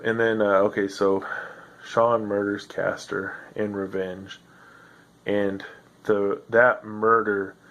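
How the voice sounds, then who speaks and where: A man's voice: on the low side, fairly bright tone, poor audio. A man hosting a solo podcast, rambling in a sardonic, self-deprecating way with lots of fillers, sounding tired. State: tired, yawning. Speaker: podcast host.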